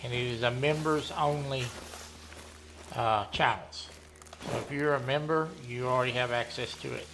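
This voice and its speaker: A man, chatting casually while playing a hunting game, rambling and often clearing his throat. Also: mid-range voice, fairly even intonation, moderate pace, background noise. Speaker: gaming streamer running a members' community.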